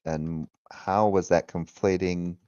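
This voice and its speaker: A man's voice: low voice, fairly even intonation, slow, darkish tone, clear, resonant tone, no room sound, highs cut off. A man hosting a casual livestream, talking loosely, swearing freely and laughing often. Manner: retells arguments in quoted voices. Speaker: livestream host.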